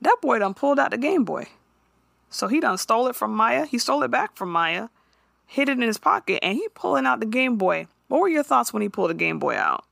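A woman co-hosting a podcast, recapping a show in casual chat with animated, profane storytelling and quick character impressions. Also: a little high, creaky, dry recording, studio quality.

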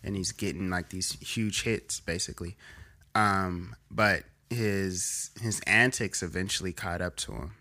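A young man with a lowish, bright voice co-hosts a laid-back podcast chat. He thinks aloud in long, winding sentences and keeps restarting his phrases. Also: a little slow. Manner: rambling, many fillers and restarts, reflective. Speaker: podcast co-host. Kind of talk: casual chat.

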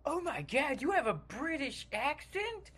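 A man's voice: very high-pitched, sing-song, unhurried, bright, forceful tone, voice pushed up, full character voice. Man playing a starstruck, stammering young actor. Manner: gushing and stammering, full of 'like' and restarts. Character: eager starstruck young male actor, nervous. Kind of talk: comedy sketch.

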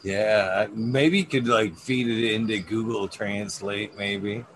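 A man's voice: lowish voice, takes it slowly, fairly bright tone, slight background noise. A man chatting casually on a stream, laid-back and rambling, swearing often.

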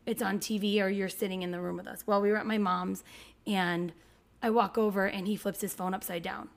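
A woman's voice: mid-range voice, flat delivery, brisk, vocal fry. A woman in her thirties, a podcast co-host and mother, chatting casually and acting out her kids' lines as she tells a story. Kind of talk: casual chat.

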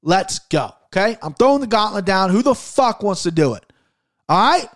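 Male podcast host, slightly higher voice, blunt and profane, rambling delivery that turns fired-up. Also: very animated, normal speed, a bit bright. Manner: gets fired up, pushing listeners hard. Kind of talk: solo podcast monologue.

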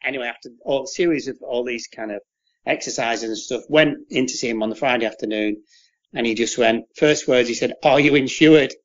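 A man's voice: mid-range voice, fairly quick, lo-fi sound. A man, a former footballer telling rambling stories as an interview guest, repeating words and acting out the voices of people he quotes. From England. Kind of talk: casual anecdotal storytelling.

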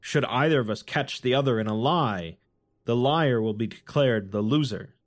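A man's voice: mid-range voice, natural voice. A man voicing a sly, taunting fae creature. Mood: cunning. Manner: formal, measured, taunting. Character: cunning name-stealing fae creature, sly and mocking.

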